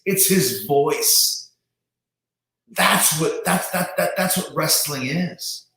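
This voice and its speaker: Animated man in a very echoey room. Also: unhurried. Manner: animated, restarts, imitates voices with big pitch jumps. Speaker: host. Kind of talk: casual livestream chat.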